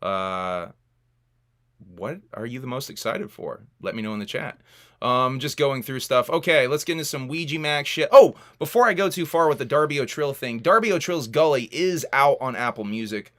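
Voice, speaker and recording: A man's voice: medium pitch, expressive, normal speed, fairly bright tone. Slangy man hosting a casual livestream. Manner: slangy, loose, filler-heavy. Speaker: livestream host.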